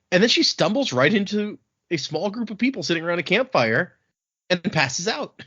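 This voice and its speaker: A man hosting a podcast, recapping chapters in a casual, animated way with frequent laughs and restarts. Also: high voice, measured pace, long pauses, husky. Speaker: podcast host recapping a book. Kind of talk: casual book-club chat. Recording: dull lo-fi podcast audio.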